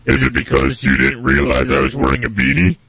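A man co-hosting a comedy show, rambling through deadpan bits in improvised banter. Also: medium pitch, fairly quick, gravelly, breathy edge, no echo.

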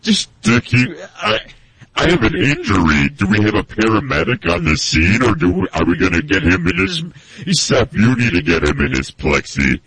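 A man co-hosting a comedy show, rambling through deadpan bits in improvised banter. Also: on the low side, normal speed, creaky.

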